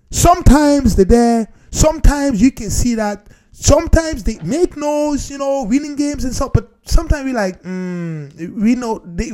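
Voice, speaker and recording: A man talking casually to his viewers in a playful, animated way, often repeating phrases for emphasis and calling his audience "people". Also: very high voice. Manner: non-standard grammar, repeats phrases for emphasis. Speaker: vlogger. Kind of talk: casual talk to camera.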